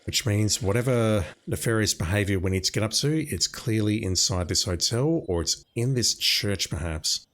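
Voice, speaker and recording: A man's voice: lowish voice, moderate pace, few pauses, fairly bright tone. A man giving casual commentary while playing a video game, thinking aloud as he goes. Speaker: let's play commentator.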